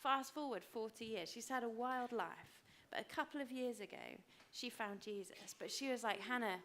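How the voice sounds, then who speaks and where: A woman in her fifties preaching a sermon, emphatic and repeating phrases for weight, dropping to a hush for personal stories. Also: on the high side, moderate pace. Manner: drops to a hushed voice for personal stories. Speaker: pastor.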